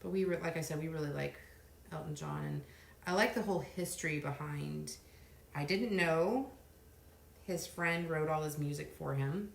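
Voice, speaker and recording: Middle-aged woman, craft livestream host; gravelly edge, rambling chat, roomy sound. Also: low voice, normal speed, a little hiss or hum. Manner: chatty and rambling, counting softly under her breath. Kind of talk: casual live chat while crafting. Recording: roomy echo.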